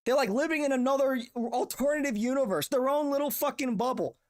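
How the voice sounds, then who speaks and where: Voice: high-pitched, a little fast. A young adult streamer ranting casually, profane, exasperated and rambling. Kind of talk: casual livestream rant.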